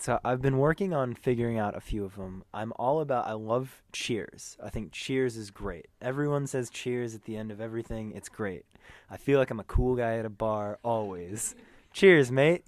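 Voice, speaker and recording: An American man, a tour manager, chatting in an interview in an animated, joking way. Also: mid-range voice, no room sound. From United States. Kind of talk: casual interview chat.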